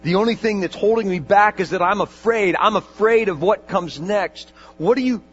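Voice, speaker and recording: A frantic, pleading dying man, as a preacher acts him out in a high, raised voice that pushes hard. The recording sounds dull and lo-fi, with a faint mains hum underneath. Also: normal speed, natural voice. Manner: pleading, agitated, insistent. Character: desperate dying man demanding answers.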